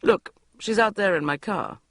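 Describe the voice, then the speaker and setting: A woman's voice: medium pitch, normal speed, a bit bright, no echo, natural voice. A woman voicing a cool, dry-witted male barrister who speaks icily and casually. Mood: icy, teasing. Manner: icy, casual, teasing.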